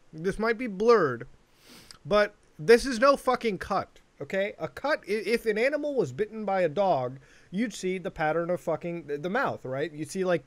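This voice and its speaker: Young male YouTuber, high-pitched, dry close sound, outraged and swearing, reaction commentary. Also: a bit bright, no echo. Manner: outraged, profane, blunt.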